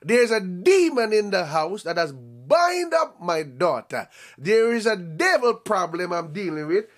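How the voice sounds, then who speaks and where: A man's voice: sits high, big pitch swings, a little slow, voice pushed down. A man preaching as he voices a desperate mother who begs for her daughter, in a pleading, insistent, repeating way.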